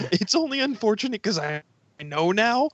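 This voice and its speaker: A man co-hosting a podcast, telling stories lively and profanely in casual chat. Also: high-pitched, no echo. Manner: lively storytelling with quoted voices. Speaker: podcast co-host. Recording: dry, dull lo-fi podcast audio.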